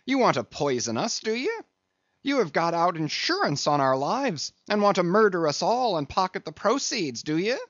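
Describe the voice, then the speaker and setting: A man reading an audiobook, voicing a brash, blustering sailor mate who mocks loudly and leaps up in pitch. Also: huge pitch swings, dry recording, dull audio. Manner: loud, mocking, fast-rising outbursts.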